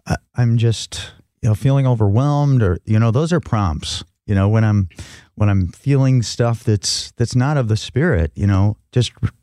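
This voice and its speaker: A reflective man co-hosting a faith chat, his voice fairly low and warm. He explains things gently and at an easy pace. The recording is dry and close. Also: moderate pace, dry recording. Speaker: co-host. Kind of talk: casual devotional chat.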